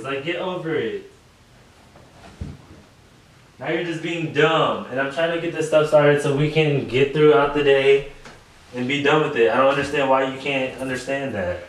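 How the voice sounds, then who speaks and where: Vlogging at home for a casual prank video, a man sounds nagging and exasperated, repeating himself again and again with long pauses. His voice is medium-pitched at normal speed. The room is echoey, the mic far away, with faint noise.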